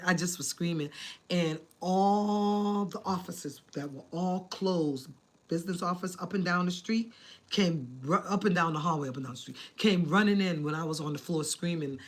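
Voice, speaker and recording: A woman vlogger telling a personal story to her viewers, animated and dramatic, acting out the people in it and chatting casually to her audience. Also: lowish voice, a little fast. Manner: animated, dramatic retelling with acted quotes and asides to viewers; addresses viewers as family, casual slang. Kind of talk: emotional storytelling to camera.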